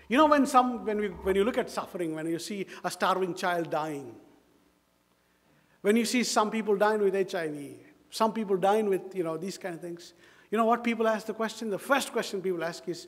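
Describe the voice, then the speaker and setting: Indian English male pastor, high voice, emphatic, repeats lines for effect, long church-hall echo. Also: a little fast, fairly bright tone. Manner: emphatic, repeats phrases, asks the congregation rhetorical questions. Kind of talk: sermon. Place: church sanctuary.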